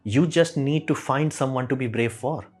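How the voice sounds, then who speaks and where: A man's voice: mid-range voice, moderate pace, a little mellow, faint music behind. A man giving a casual opinion monologue as a commentator, rambling and repeating "it's like" with many fillers.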